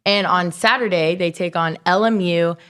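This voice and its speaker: A woman reading sports news updates on a talk show in a brisk, upbeat way. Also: fairly low pitch, a bit bright, clear, resonant tone. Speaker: news and social media update reader.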